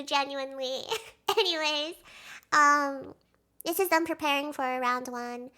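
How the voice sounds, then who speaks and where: A young woman doing casual video commentary as a fan, rambling and emotional, swinging between hushed talk and excited outbursts. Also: sits high, unhurried. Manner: rambling, with fillers and restarts.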